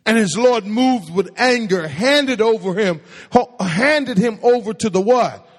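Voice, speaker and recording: A high-pitched man takes his time preaching in a church sanctuary. He uses call-and-response and repeats phrases to stress his points, and the recording rings with the long reverb of an echoey hall.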